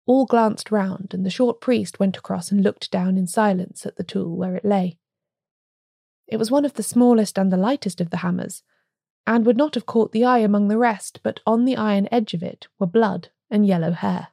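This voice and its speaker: A woman reading a classic detective story aloud in a steady, measured storytelling voice. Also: mid-range voice, gravelly, no room sound, studio quality. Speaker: podcast host reading a story.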